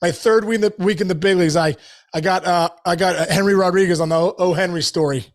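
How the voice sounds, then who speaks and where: A man, a former ballplayer, telling stories on a podcast in a loose, animated way full of "dude" and "like.". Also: sits high, quick pace. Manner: animated storyteller, lots of "dude" and "like". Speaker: guest, former baseball player. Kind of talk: casual storytelling chat.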